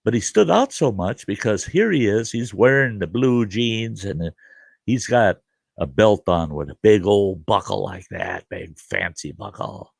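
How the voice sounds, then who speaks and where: A man's voice: on the low side, measured pace, no room sound. An older man, hosting and telling a story casually, chuckling as he goes. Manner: animated, chuckling, dry gravelly delivery. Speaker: host.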